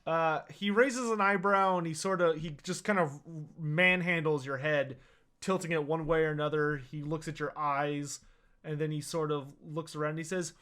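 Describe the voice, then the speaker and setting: Rambling game master, slightly high voice. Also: male voice, fairly even intonation, moderate pace, fairly bright tone, clear, resonant tone. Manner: loose, rambling narration with fillers. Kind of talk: narrating a tabletop game.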